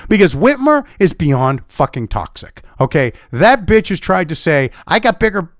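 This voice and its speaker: A man's voice: on the high side, very animated, normal speed, no room sound, studio quality. A man delivering angry, profane and sarcastic political commentary as a vlogger.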